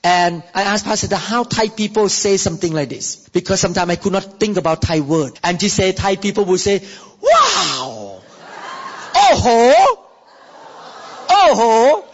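A man preaching a sermon as pastor, animated and exclaiming, often breaking into laughter. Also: high voice, a little fast, few pauses. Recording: reverberant, dull lo-fi hall recording.

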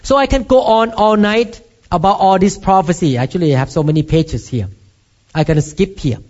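A man with a Thai accent delivers an emphatic sermon as a pastor, his voice sitting notably high for a man. He presses his congregation with rhetorical questions. The recording sounds dull and lo-fi. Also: normal speed, darkish tone. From Thailand.

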